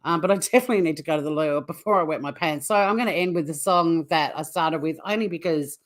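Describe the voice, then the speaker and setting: Female streamer, slightly low voice, laughs helplessly between blunt, sweary remarks to her viewers. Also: fast. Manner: giggly, breaks into helpless laughter. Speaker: true crime YouTube host. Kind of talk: casual livestream chat.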